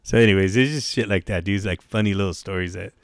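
Brief: lower-voiced male guest, camp director spinning crude anecdotes, slangy and profane, dry untreated mic. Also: fast talker, no echo. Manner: profane, slangy, keeps saying bro; acts out quoted yelling in raised voice. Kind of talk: casual storytelling chat.

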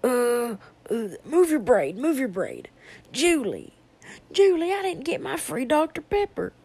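A woman playing a loud, indignant rude customer. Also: high voice, very animated, a little slow, breathy edge, no echo, pitched above the performer's own voice, heavily acted. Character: rude entitled customer demanding a free soda.

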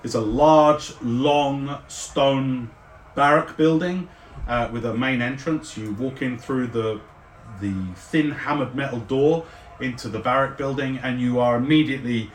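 A man narrating as game master, describing the scene at length with frequent fillers and pauses. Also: mid-range voice, slight background noise. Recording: roomy, distant mic.

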